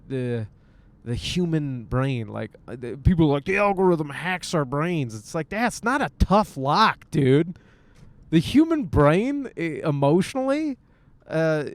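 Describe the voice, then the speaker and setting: A man's voice: fairly high pitch, dry recording. A man in his thirties from Michigan, a stand-up comic hosting a rambling solo podcast, over-caffeinated and tired, casual and swearing, tossing in jokey voiced impressions. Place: in a car.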